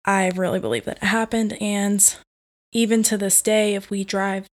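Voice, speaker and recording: A woman's voice: mid-range voice, level tone, moderate pace. A woman telling a family ghost story in plain, earnest spoken words.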